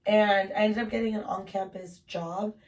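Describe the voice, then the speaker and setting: A woman's voice: medium pitch, fairly even intonation, moderate pace, a little mellow, distant mic. A young woman in her twenties telling her life story on a podcast in a casual, chatty way, full of "like" and casual swearing.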